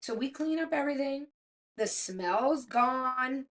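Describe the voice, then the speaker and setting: A middle-aged woman co-hosting a podcast, telling stories in casual chat, animated and swearing freely as she acts out quotes. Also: sits high, slow pace. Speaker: podcast co-host.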